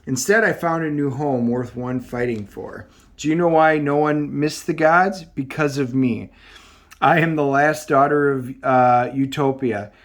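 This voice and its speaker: A man's voice: medium pitch, unhurried, natural voice. A man reading the lines of a proud, fierce female superhero warrior princess from a comic, sounding boastful and commanding.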